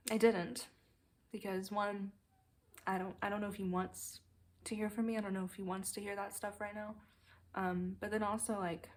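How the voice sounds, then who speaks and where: A young woman speaks to camera in a personal video diary. She is candid and halting, with many fillers and restarts, and she sounds close to tears. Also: medium pitch, a little mellow. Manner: emotional, near tears. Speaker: vlogger recovering from a brain injury.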